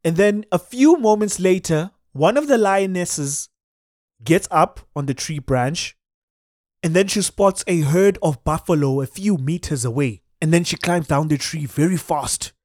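A man with a South African accent telling a comic story in an animated way, dropping in Xhosa exclamations. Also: fairly high pitch, a little slow, no echo, clean studio sound.

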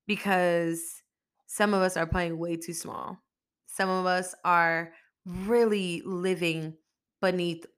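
Bright, emphatic motivational podcast woman. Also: on the low side. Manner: emphatic, repetitive preaching cadence; casual, faith-infused encouragement. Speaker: podcast host.

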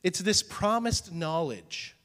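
A male pastor preaching a sermon in a conversational teaching style, dropping to a hushed voice for emphasis. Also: high voice, animated, takes it slowly, long reverb tail.

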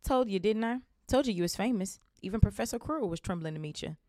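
A woman reading aloud, voicing a huge, friendly, gruff man with a hearty, booming manner. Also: lively intonation, fast, a little mellow, no echo, clean studio sound, close to an everyday voice.

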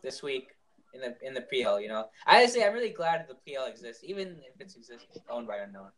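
A man's voice: mid-range voice, very animated, fast talker, a bit bright, low-quality recording. A man who plays the game, chatting casually, laid-back and filler-heavy. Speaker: player guest. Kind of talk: casual gaming chat.

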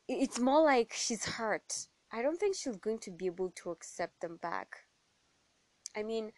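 A woman hosting a podcast, talking earnestly in a halting way, with many fillers and restarts. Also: fairly low pitch, a little mellow, no room sound, low-quality recording. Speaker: podcast host. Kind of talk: casual spiritual monologue.

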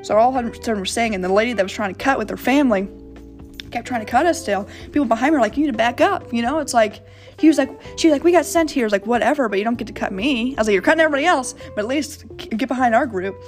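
A woman's voice: fairly high pitch, rapid-fire, soft background music. A young woman hosting a podcast, telling a travel story in a rambling, casual way with plenty of swearing. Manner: rambling, profane, animated retelling. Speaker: podcast host.

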